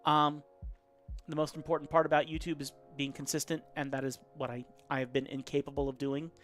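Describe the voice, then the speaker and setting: A man's voice: a little high, level tone, fairly quick, fairly bright tone, soft background music. A man live-streaming his drawing, chatting casually and reading viewer comments aloud in a rambling way. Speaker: caricature artist live-streaming.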